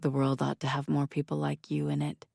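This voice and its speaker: A woman voicing an affectionate man who murmurs his words softly and low. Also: moderate pace, gravelly, no room sound, studio quality. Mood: tender. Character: gentle, affectionate man, soft-spoken.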